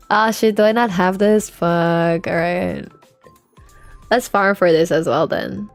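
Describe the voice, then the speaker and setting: Her voice is mid-range and creaky, measured in pace, recorded with no echo over soft background music. A young Filipina gaming on a livestream, she chats casually, swears freely, and fills her speech with "like."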